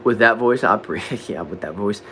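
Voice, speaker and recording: A young man with a Southern accent from Texas, casually answering chat questions on a livestream in a relaxed, drawling way. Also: lowish voice, moderate pace, slight background noise. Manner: laid-back, drawling, says bro and dude a lot. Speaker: livestream host reading chat. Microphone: desk microphone.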